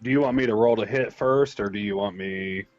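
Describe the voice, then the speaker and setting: A man's voice: lowish voice, brisk, a little mellow, no echo, muffled recording. A man playing a tabletop game, describing his character's actions at length. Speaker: player.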